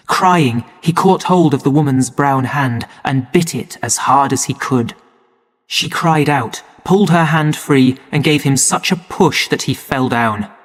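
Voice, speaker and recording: A man narrating a story for English learners in a slow, clear and measured way. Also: mid-range voice. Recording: long hall reverb.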